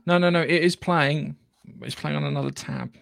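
Gravelly sweary podcast host. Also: male voice, a little high, moderate pace, no echo. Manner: sweary, rambling, animated. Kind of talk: casual chat.

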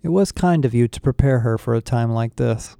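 Man doing cool teen girl, soft and calm, smooth quiet voice. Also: medium pitch, brisk, no room sound, natural voice.

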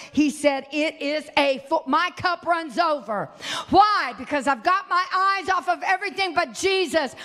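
A woman preaching a fervent sermon, shouting praise and voicing her listeners' doubts back at them. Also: high voice, big-room sound.

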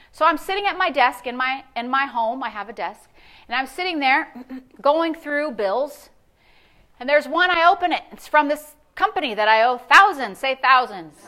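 Bright high-voiced woman preaching a sermon. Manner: animated storytelling, acts out quoted voices, builds to emphatic declarations. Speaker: pastor. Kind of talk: sermon with personal testimony. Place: church sanctuary.

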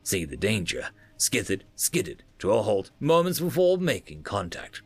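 Gravelly, expressive male storyteller. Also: on the low side, a little slow, no room sound, soft background music. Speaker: narrator. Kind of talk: storytelling narration.

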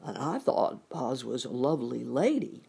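A woman's voice: extremely low pitch, very animated, moderate pace, vocal fry, dark tone, breathy edge, exaggerated voice. A woman voicing a male scarecrow, plaintive and grieved. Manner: plaintive, wailing. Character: grieving male scarecrow who wants brains.

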